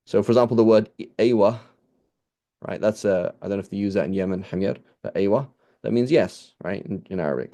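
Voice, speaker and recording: With a warm tone on the low side, a man teaches scripture informally, quoting Arabic phrases, often starting over and checking that his listeners are following.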